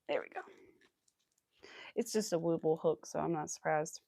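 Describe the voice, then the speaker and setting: A young woman with a light Southern accent chats away while she crochets on a livestream. She rambles from one thing to the next and laughs a lot. Her voice has a gravelly fry, and the sound is close and dry. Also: low voice, dark tone, no echo. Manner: chatty, rambling, laughs often, talks to her dog.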